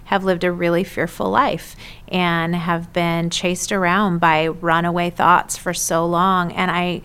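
A woman's voice: lowish voice, little pitch movement, measured pace, a bit bright, smooth. A woman pastor answering interview questions earnestly and openly, with some fillers as she thinks. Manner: earnest and open, with frequent fillers and restarts. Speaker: pastor, guest.

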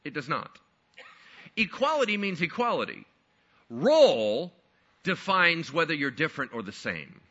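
Animated, bright-voiced male preacher. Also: fairly high pitch, a little slow, pauses often, dull audio. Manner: animated, acts out skeptical listeners. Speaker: pastor. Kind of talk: sermon.

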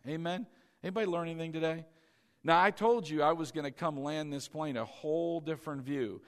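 A man's voice: on the high side, fairly quick. A male pastor preaching a sermon, leading the congregation to repeat a prayer and answer back. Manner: leads congregation in call-and-response prayer. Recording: long church hall reverb.

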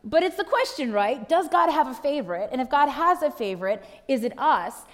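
Woman pastor, conversational sermon, wry asides, slightly high voice, echoing church hall. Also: very animated, brisk. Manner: conversational preaching with rhetorical questions and asides. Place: church sanctuary. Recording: long reverb of a church hall.

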